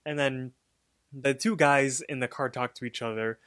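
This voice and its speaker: A man's voice: medium pitch, moderate pace, dry recording, clean studio sound. A man co-hosting a podcast, casually recapping a cartoon episode with lots of fillers. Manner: relaxed, filler-heavy storytelling. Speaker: podcast co-host.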